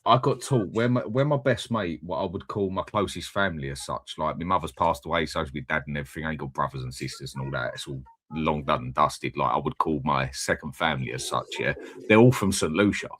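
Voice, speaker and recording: A man's voice: extremely low pitch, fairly quick, fairly bright tone, slight background noise. A man hosting a casual live chat, rambling and swearing freely. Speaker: channel host.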